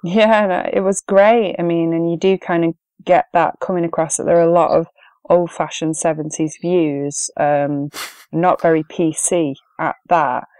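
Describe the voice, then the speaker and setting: A woman's voice: fairly low pitch, steady tone, unhurried, a little mellow, clean tone, no room sound. A woman co-hosting a podcast, chatting about films in an easygoing way with frequent ums. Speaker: podcast co-host. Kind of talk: casual film review chat.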